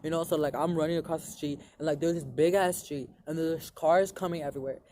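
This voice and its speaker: A young man with a slightly raised voice tells a long personal story straight to his viewers. He rambles and swears, with "like" in nearly every sentence. Steady noise runs behind him. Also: fairly high pitch, fast. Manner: rambling, profane, lots of "like" fillers. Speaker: vlogger. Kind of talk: casual storytelling to camera.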